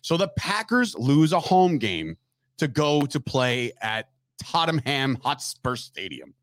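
A man co-hosting a casual sports talk show, loud and crude with laughing banter. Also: mid-range voice, big pitch swings, takes it slowly, no room sound. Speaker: podcast co-host.

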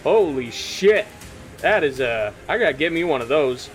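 A gruff father who swears freely and gets worked up quickly, as a game master plays him. The voice sits close to a man's normal speaking voice, only pushed a little higher and louder. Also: faint music behind, natural voice. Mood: excited. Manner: blunt, cursing, excitable. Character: gruff excitable father, a gunsmith.

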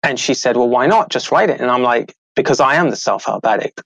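A middle-aged man, an author and show host, telling a story in a casual, animated way and acting out the people he quotes. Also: medium pitch, brisk, gravelly, dry recording, low-quality recording. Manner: animated, acts out quoted voices, laughs often.

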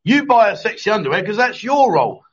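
A man's voice: high voice, sing-song, fast talker. A man hosting a live chat show, teasing his guests and laughing often as he reads out viewer comments. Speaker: host. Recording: dull lo-fi stream audio.

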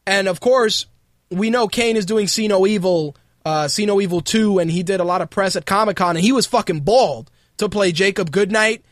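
A man's voice: sits high, moderate pace, no echo, clean studio sound. A man hosting a podcast, ranting casually and mockingly with plenty of swearing. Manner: profane, mocking rants, animated. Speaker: podcast host. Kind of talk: casual wrestling commentary.

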